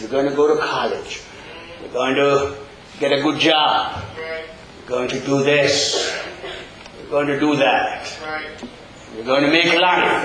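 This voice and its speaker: An older man delivers a funeral sermon in a high, drawn-out voice. He climbs to passionate shouts, then falls back to a hush. The sound rings through a big echoing hall, with a crowd murmuring behind him. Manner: impassioned, swings from shouting to hushed. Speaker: preacher at a funeral.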